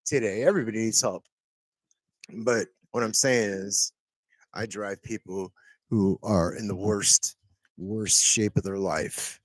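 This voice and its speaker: A man's voice: medium pitch, dry recording. A middle-aged man telling a long personal story in a casual, earnest, rambling way, full of fillers and tag questions. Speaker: medical transport driver. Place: at home.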